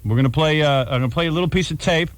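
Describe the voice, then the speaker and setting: A man's voice: on the high side, no echo. A man hosting a radio show, brash and taking calls while running a game. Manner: brash, fast-talking game runner. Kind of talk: shock radio banter.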